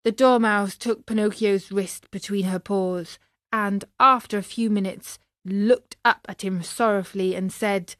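A woman's voice: medium pitch, steady tone, unhurried, fairly bright tone, dry recording, clean studio sound. A woman reading a children's storybook aloud expressively, addressing her young readers. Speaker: narrator.

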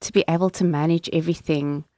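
Encouraging host, woman, low-ish pitch, dry close sound. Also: fairly even intonation, fast talker, dry recording. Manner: supportive, many soft affirmations. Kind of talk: interview chat.

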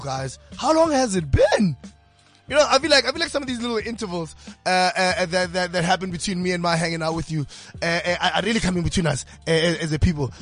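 A man hosting a podcast in a studio, talking in an energetic, slangy, rambling way. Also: high-pitched. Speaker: podcast host. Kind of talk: casual podcast chat. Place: radio studio.

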